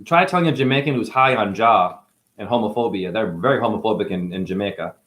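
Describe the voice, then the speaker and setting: A man's voice: on the low side, fast, a bit bright. A man acting as a spiritual teacher, talking through a rambling monologue with free-associating wordplay and musing asides.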